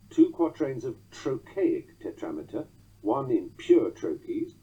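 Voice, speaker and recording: Husky-voiced man reading a poetry lesson. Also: mid-range voice, very animated, a little slow. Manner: rhythmic, sounds out metrical beats. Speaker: narrator reading about poetic meter. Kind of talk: audiobook-style lesson reading. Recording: dull lo-fi recording.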